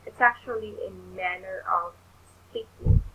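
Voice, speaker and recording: A woman tutoring English in an online lesson, explaining things slowly and patiently. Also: mid-range voice, a bit bright, slightly rough, rough recording.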